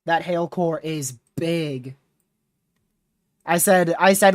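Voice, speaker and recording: Excitable woman live-streaming a storm chase. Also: deep voice, slow pace, long pauses, no room sound, studio quality. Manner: excitable, laughs often, talks to chat.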